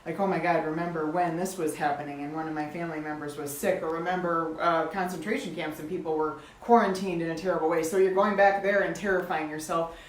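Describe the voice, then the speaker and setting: A woman's voice: low voice, fairly even intonation, fast talker, few pauses, echoey room, slight background noise, poor audio. A woman co-hosting a faith talk show, coaching listeners earnestly in a casual way.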